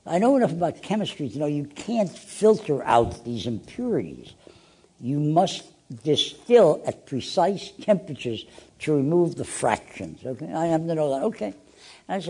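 Fields: Sex: man. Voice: husky, high. Role: guest telling animated stories. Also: normal speed. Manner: acts out dialogue with lively voices. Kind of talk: animated anecdotal storytelling. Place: radio studio.

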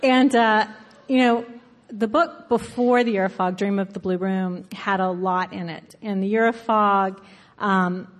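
A woman's voice: mid-range voice, fairly even intonation, unhurried. Chatty woman author in an echoey hall. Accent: faint Southern American. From Alabama, US Southern. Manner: chatty, frequent fillers and self-interruptions, laughs often. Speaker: author being interviewed. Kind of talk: conversational interview, thoughtful. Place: live event before an audience. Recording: reverberant hall.

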